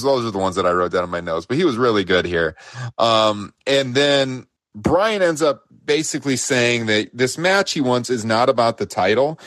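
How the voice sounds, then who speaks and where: A man co-hosting a wrestling podcast, recapping a show in casual chat and laughing often. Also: no room sound. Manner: laughs often, quotes wrestlers with lifted pitch. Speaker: podcast co-host.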